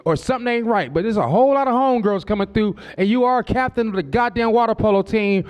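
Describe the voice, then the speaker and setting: Brash, profane man with a higher voice. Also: quick pace. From Southern California. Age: 40s. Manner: profane, brash storytelling that slips into quoted voices. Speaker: stand-up comedian. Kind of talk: stand-up comedy set. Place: comedy club stage.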